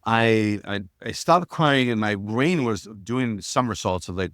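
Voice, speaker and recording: Earnest older man, low voice. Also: animated, measured pace, fairly bright tone, dry recording, studio quality. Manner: earnest, reflective, with frequent restarts. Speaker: guest, shamanism teacher. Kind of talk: personal storytelling in an interview.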